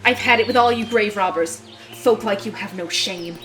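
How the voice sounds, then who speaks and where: A woman's voice: medium pitch, moderate pace, faint music behind, close to an everyday voice. Woman playing a bitter old wise-woman witch. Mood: scornful. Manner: scornful, brash, loud. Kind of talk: voiced game reading.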